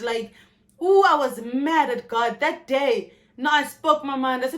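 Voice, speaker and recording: A South African woman in her twenties, talking frankly and with profanity in a candid personal vlog, telling her story in an animated way. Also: high-pitched, measured pace. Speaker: YouTuber.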